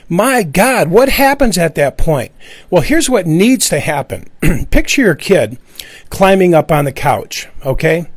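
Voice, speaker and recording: Middle-aged man, high pitch, passionate repetitive monologue. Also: sing-song, unhurried, no room sound. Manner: earnest, repetitive, acts out quoted voices. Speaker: ex-Jehovah's Witness speaking out. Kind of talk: impassioned monologue.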